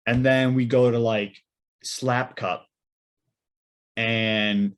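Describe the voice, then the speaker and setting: A man's voice: medium pitch, steady tone, drawn-out words. A young man, a podcast co-host, telling a rambling weekend story in casual chat with lots of fillers and restarts.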